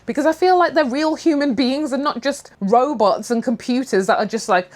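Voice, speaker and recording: A woman's voice: high voice, normal speed. A young woman from the UK chatting candidly over tea, talking frankly, swearing casually and acting out little quotes. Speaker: vlogger.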